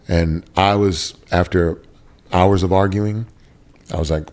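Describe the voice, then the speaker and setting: Man, deep voice, earnest interview guest sharing a raw personal story, casual and emotional. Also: fairly even intonation, a little slow, long pauses, darkish tone. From Texas, USA. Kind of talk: candid personal testimony in a sit-down interview.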